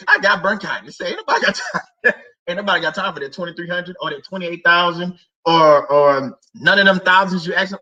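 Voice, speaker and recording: The host of a faith livestream, a man with a high, very bright voice, chats casually with his viewers, joking, laughing often and repeating himself in loose slang. The mic is some distance away, giving a lo-fi sound.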